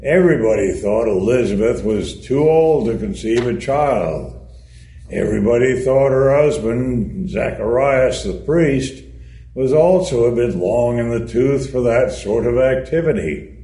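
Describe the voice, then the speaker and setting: Male reader for a sermon, slow and measured, wry delivery, roomy sound. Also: mid-range voice, animated, mellow. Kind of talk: read-aloud sermon. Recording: echoey room.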